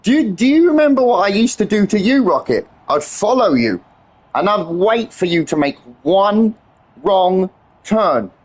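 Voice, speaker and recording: A man chatting excitedly on a live game stream, swearing freely and trading teasing banter with his friends. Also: high-pitched, a little slow. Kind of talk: live-stream gameplay chat.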